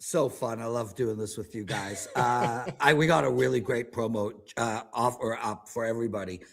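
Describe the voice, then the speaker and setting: A man in his fifties, a sports betting handicapper in casual panel chat, ranting in an animated, self-mocking way. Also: mid-range voice, moderate pace, vocal fry. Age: 50s.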